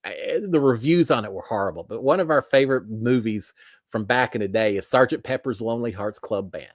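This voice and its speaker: A man's voice: medium pitch, fairly quick, no echo, clean studio sound. A middle-aged man hosting a livestream, chatting casually and reading out viewer comments, with lots of restarts and self-deprecating asides. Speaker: livestream host.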